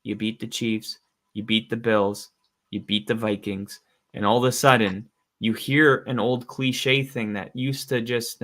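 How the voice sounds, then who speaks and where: A man co-hosts a casual sports podcast with a bright, forward tone. He tells stories with energy and acts out what other people say. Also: mid-range voice, measured pace. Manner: animated storytelling, acts out quotes. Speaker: podcast co-host.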